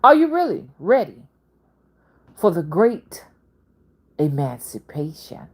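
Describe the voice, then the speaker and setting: A woman's voice: lowish voice, very animated, slow, slightly rough. A woman in her fifties with a Southern accent, talking in a casual, rambling monologue that jumps between topics. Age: 50s. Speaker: spiritual reader and channel host.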